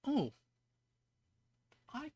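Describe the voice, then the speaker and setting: A woman's voice: very slow, dark tone, no room sound. An Australian woman streaming as a VTuber, thinking aloud as she codes and chatting with viewers in between. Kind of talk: live coding stream chat.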